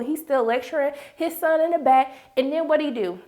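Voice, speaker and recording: A woman reviewing a TV episode in a casual, animated, exasperated recap full of slang. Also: sits high, a little fast, hardly any pauses.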